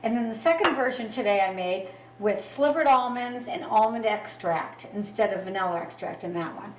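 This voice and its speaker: A woman's voice: mid-range voice, moderate pace, reverberant, far from the mic, slight background noise, low-quality recording. A woman co-hosting a casual cooking demonstration, explaining each step plainly. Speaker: cooking show co-host.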